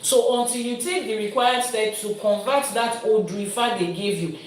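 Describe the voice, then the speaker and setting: A Nigerian woman teaching as an Ifa priestess, speaking at a medium pitch and explaining things step by step with homely comparisons. Her voice is picked up from some distance away. It rings around a very echoey room. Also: fairly even intonation, normal speed. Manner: patient, explanatory, builds points through everyday analogies. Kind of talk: live-streamed teaching answering viewer questions.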